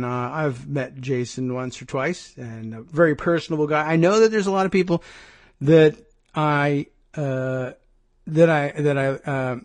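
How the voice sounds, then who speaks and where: A man's voice: mid-range voice, dry recording. A man hosting a radio talk show, reading news aloud with wry, sarcastic asides into a studio microphone.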